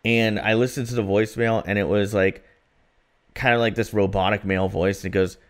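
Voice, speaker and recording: A man's voice: lowish voice, steady tone, fairly quick. A man co-hosting a podcast, chatting casually and telling rambling stories with plenty of fillers. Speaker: podcast co-host.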